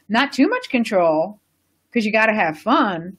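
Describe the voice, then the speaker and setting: A woman's voice: medium pitch, very animated, measured pace, a bit bright, slightly rough. Chatty woman hosting a wellness stream. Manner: chatty, rambling, enthusiastic. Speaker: wellness host. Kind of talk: casual live-stream chat.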